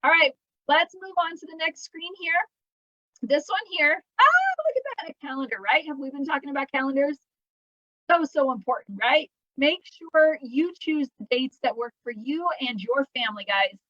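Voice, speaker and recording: A woman's voice: high voice, normal speed, fairly bright tone, dry recording, highs cut off. Upbeat chatty woman leading a team training. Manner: upbeat, chatty, asks rhetorical questions. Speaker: jewelry business team leader. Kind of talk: live team training talk.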